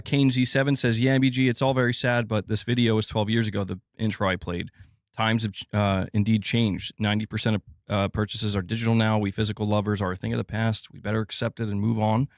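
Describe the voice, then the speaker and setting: A man's voice: on the low side, steady tone, fast talker, no echo, clean studio sound. A man streaming gaming news, delivering an impassioned rant that is full of swearing and repeated words for emphasis. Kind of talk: live stream commentary rant.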